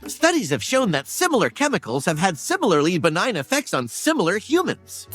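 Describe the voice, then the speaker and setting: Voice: mid-range voice, huge pitch swings, a little fast, a bit bright, faint music behind. An actor voicing a talking dishwasher in a video game that is formal, earnest and devoted to protecting its human.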